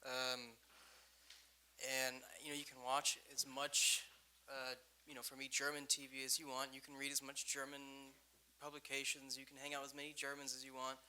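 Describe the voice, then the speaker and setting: A man's voice: mid-range voice, completely flat delivery, moderate pace, sharp tone, poor audio. A young man on a panel telling a casual, rambling story with lots of fillers, laughing at his own anecdotes. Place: event room.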